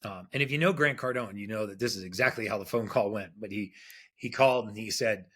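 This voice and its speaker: A man tells a story as a podcast guest in a relaxed, casual way. He acts out the quoted lines with animation. His voice is husky and sits a little low. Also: quick pace.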